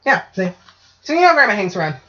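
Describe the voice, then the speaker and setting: A woman co-hosts a casual podcast chat, easygoing and jokey, with a habit of swearing and checking in with "right?". Her voice sits at an ordinary pitch. The recording is dull and lo-fi. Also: very animated, fast, bright, forceful tone. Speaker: podcast co-host.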